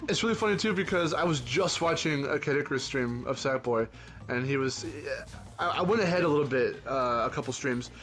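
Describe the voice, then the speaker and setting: A man's voice: mid-range voice, expressive, a little fast, fairly bright tone, faint music behind. Giggly man streaming a game. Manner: giggly, chatty, readily laughing. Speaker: game streamer reading chat. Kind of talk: casual stream chat.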